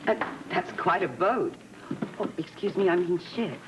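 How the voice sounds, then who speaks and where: A woman's voice: on the low side, expressive, normal speed, natural voice. Lady doing a gushy chatterbox, voice bounces all over, muffled old tape with hiss. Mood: gushing. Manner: chatty, gushing, flustered. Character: chatty gushing middle-aged woman, nosy helper. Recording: dull lo-fi tape with background noise.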